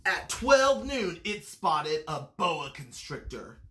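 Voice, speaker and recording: A reader telling a picture-book story aloud to children with animated, expressive delivery. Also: medium pitch, slow. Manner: animated storytelling with lively swings. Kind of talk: expressive read-aloud for kids. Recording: roomy echo.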